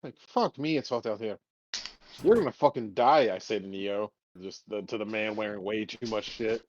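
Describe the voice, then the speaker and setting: Low-ish guy cursing through a tabletop game, kinda muffled lo-fi sound. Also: moderate pace, slight background noise. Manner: profane, blunt, animated. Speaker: player. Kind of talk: casual tabletop role-play chat. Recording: dull lo-fi sound.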